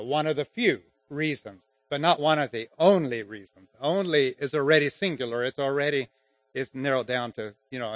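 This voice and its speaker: A man teaching grammar and public speaking in an informal lesson, halting and restarting often, with chuckles between points. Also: medium pitch, no echo.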